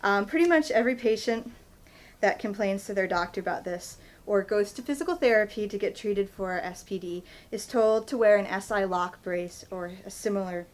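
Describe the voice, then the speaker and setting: This is a chatty how-to vlog in which a physical therapist in her thirties demonstrates stretches and laughs at her own expense. She speaks in a mid-range voice at a moderate pace, on a rough recording.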